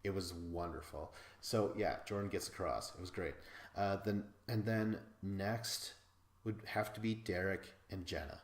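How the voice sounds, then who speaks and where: A man from Wisconsin hosting a podcast, recapping episodes in a casual, excitable way, swearing freely and laughing as he talks. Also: sits low, measured pace, reverberant. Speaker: podcast host.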